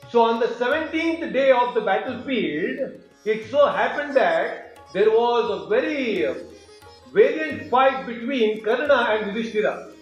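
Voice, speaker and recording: Man with a high voice telling an old epic story, animated, echoey room, faint sitar music. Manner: animated, asks listeners questions. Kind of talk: mythology storytelling.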